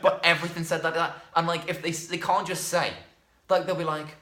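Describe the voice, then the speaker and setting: A man's voice: fairly high pitch, level tone, a little fast, sharp tone. Sweary man in a roomy room. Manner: rambling, sweary, laughs at own jokes. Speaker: podcast host. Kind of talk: casual film-review chat. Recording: roomy echo.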